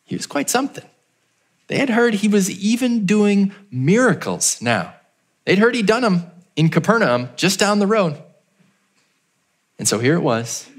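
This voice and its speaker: A man preaching a sermon as pastor, telling the story and acting out the townspeople in a raised voice, then dropping low and quiet for emphasis. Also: sing-song, measured pace, long pauses.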